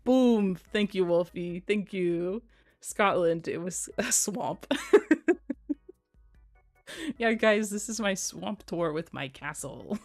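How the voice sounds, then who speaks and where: A young American woman streaming live, talking with her chat in a loose, giggly way and often repeating herself for emphasis. Her voice sits a little low for a woman. Soft music plays faintly behind her. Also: slow. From United States.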